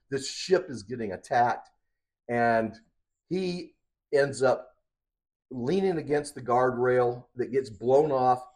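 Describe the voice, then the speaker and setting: A man's voice: medium pitch, a little mellow. A man co-hosting a podcast, eagerly retelling an episode's plot scene by scene in casual chat. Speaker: podcast co-host.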